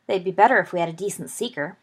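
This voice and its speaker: A woman reading the lines of a confident teenage girl, brisk and matter-of-fact, in a storybook. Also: fairly low pitch, breathy edge.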